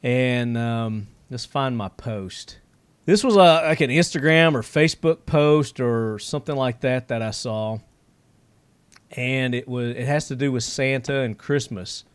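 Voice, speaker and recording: A middle-aged man hosts a casual podcast chat, telling loose, rambling stories packed with fillers. His medium-pitched voice is clear and resonant, a little slow, with no echo.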